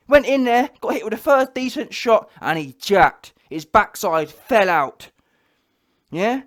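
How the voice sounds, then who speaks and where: A man's voice: high-pitched, lively intonation, normal speed, fairly bright tone. Heated man ranting about boxing. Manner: heated, blunt, repetitive, mocks others in quoted voices. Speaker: boxing reaction vlogger. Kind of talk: ranting reaction commentary.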